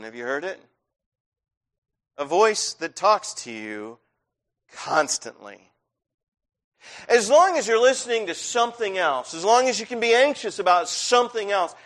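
A middle-aged man delivers a sermon in a church with a notably high voice. He speaks conversationally, pressing harder at times, as a pastor addressing his flock. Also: a bit bright. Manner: conversational, rising to intense. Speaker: preacher.

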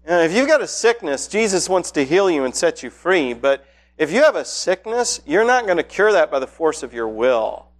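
A pastor giving a sermon to his congregation in a conversational, storytelling manner that builds in excitement. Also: on the high side, normal speed. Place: church hall with congregation.

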